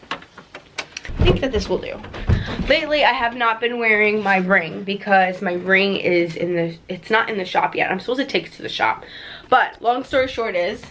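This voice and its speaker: A woman's voice: medium pitch, background noise. A young woman rambling and giggling as she chats casually to the camera in a vlog. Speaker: vlogger.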